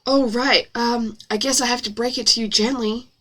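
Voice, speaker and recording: A woman's voice: fairly high pitch, fairly even intonation, normal speed, fairly bright tone, far from the mic. A woman voicing an awkward male doctor who stumbles and hesitates through bad news.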